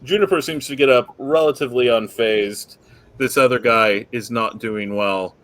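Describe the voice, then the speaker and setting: A man's voice: medium pitch, moderate pace. Man narrating as game master. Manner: relaxed, rule-explaining narration with fillers.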